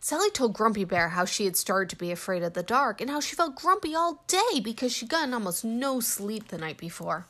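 A woman narrating a children's storybook aloud with gentle, expressive reading. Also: on the high side, a little fast, hardly any pauses.

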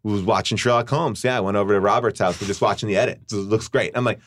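A man's voice: fairly low pitch, very fast. A man who is a comedic actor, guesting on a podcast and telling a rambling anecdote in casual talk, acting out what people said and leaning hard on "like". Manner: animated, rambling, heavy use of "like", acts out quoted lines. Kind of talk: casual storytelling.

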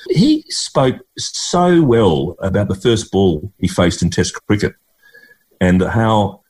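A man's voice: on the low side, very animated, slow pace, darkish tone. A middle-aged Australian man from Queensland, a guest telling rambling, chuckling anecdotes and mimicking people in a casual interview.

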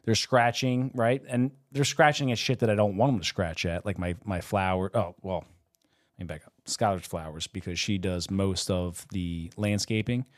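A man's voice: deep voice, steady tone, normal speed. A man co-hosting a casual podcast, rambling, swearing freely and losing his train of thought. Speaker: podcast co-host. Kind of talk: casual chat.

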